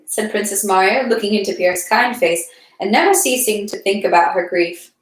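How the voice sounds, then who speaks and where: A woman reading a classic novel aloud in a steady, clear storytelling manner, in an echoey room. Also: medium pitch, moderate pace. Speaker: reader.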